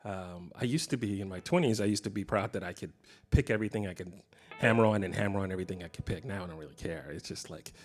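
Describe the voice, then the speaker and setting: A middle-aged man giving a casual guitar clinic in a guitar shop, talking in a relaxed, rambling way with many fillers. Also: low voice, quick pace, few pauses. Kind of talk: casual teaching talk. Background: guitar playing.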